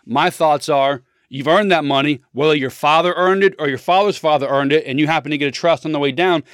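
A man in his thirties holds forth on his views in a blunt, opinionated, meandering way, often restarting his sentences. His voice sits a touch higher than most men's. The sound is close and dry. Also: brisk, a bit bright, clear, resonant tone, dry recording. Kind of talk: casual political monologue.

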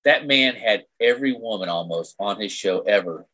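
Husky middle-aged man, crude and blunt. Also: on the low side, lively intonation, normal speed, pushed and bright. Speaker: guest. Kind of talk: casual podcast chat.

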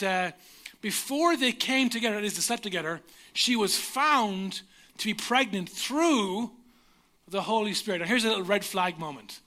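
High-voiced Irish pastor telling jokes. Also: male voice, pushed and bright. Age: 30s. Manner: self-mocking, humorous storyteller. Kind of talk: sermon with personal stories.

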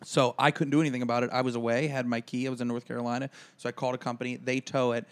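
A man's voice: medium pitch, little pitch movement, racing, clear, resonant tone. A man co-hosting a casual comedy podcast, telling a rambling, self-deprecating story. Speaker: podcast co-host.

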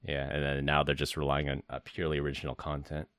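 A man's voice: extremely low pitch, monotone, fast talker, a bit bright, clear, resonant tone, no room sound, studio quality. A man co-hosting a casual podcast, reading prepared news stories with jokes mixed in. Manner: reads prepared stories in a jokey way. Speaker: podcast co-host. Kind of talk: casual podcast chat with read news segments.

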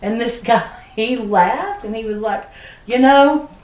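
A middle-aged woman with a Southern US accent, co-hosting a podcast and telling a lively story with frequent laughter. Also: on the high side, measured pace. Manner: animated storyteller, laughs often mid-sentence. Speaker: podcast co-host. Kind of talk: casual storytelling chat. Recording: roomy sound from a distant mic.

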